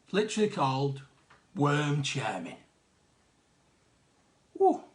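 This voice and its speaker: A man's voice: fairly high pitch, very animated, takes it slowly. A man hosting a live online quiz, reading out answers with jokey, chatty asides. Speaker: quiz host.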